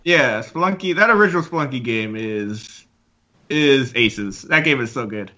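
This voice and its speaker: Podcast co-host, male, bright forceful voice, chatty and rambling, lo-fi sound. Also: mid-range voice, expressive, moderate pace. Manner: rambling with many fillers and laughs. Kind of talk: casual chat.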